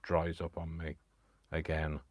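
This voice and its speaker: A man's voice: very deep voice, monotone, a little slow, a little mellow, a little hiss or hum. A man chatting casually through a crafting tutorial at home, rambling and self-deprecating and chuckling often. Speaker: craft vlogger. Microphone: wired mic on a tripod setup.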